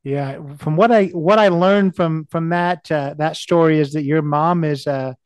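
A man hosting a podcast interview, asking questions in a halting way with frequent restarts. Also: on the high side, clean tone, no room sound. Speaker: podcast host. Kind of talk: casual interview.

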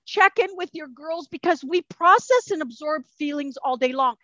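A woman talking as a podcast guest in casual chat, animated, swearing freely and acting out voices she quotes. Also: sits high, normal speed, no echo, muffled recording.

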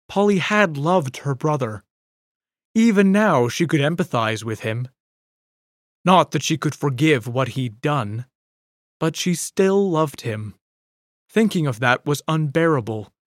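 Slow, measured storybook narrator. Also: medium pitch, dry recording, clean studio sound. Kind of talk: scripted audiobook narration.

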